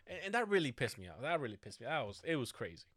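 A man's voice: mid-range voice, sing-song, racing, fairly bright tone, no echo, studio quality. A man in casual talk, telling a story animatedly, swearing often and acting out the quotes. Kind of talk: casual podcast chat.

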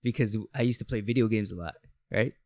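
A man's voice: lowish voice, quick pace, darkish tone, no room sound, studio quality. A young man from the US, born to Mexican parents, chatting in a laid-back, hesitant way. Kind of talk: casual chat.

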